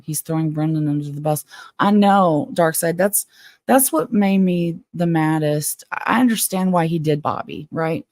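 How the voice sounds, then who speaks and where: A woman hosts a casual live stream from home, reading a book aloud and chatting frankly with her viewers. She's chatty and quick to get worked up. Her low, warm voice is studio quality, with no room sound.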